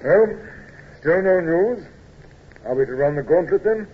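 An earnest, deferential naval captain. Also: male voice, on the high side, expressive, a little slow, husky, narrow, tinny audio. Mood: concerned. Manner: deferential, dutiful, forthright. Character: loyal, earnest naval captain, grown man. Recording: old radio recording with faint hiss.

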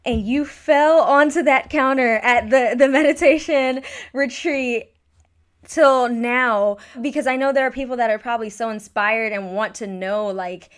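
A woman's voice: a little high, measured pace, clear, resonant tone. A woman hosting a podcast interview, affirming her guest and asking long, open questions. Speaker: podcast host. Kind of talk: interview conversation.

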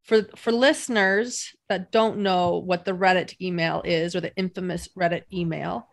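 A woman hosting a podcast interview, giving measured set-ups for her guest. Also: fairly low pitch, steady tone, gravelly. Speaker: podcast host.

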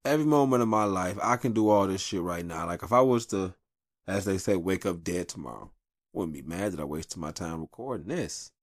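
A man in his thirties hosting a podcast, giving casual advice in a blunt, profane, animated monologue recorded at a home mic. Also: low-pitched, brisk, no echo, studio quality. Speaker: podcast host.

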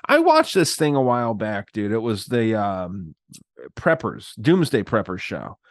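A man's voice: lowish voice, huge pitch swings, unhurried, no room sound, studio quality. A man co-hosting a podcast, ranting bluntly and crudely in casual chat. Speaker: podcast co-host.

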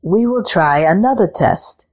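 A woman's voice: mid-range voice, expressive, a little slow, a little mellow. Woman reading a firm old farmer father.

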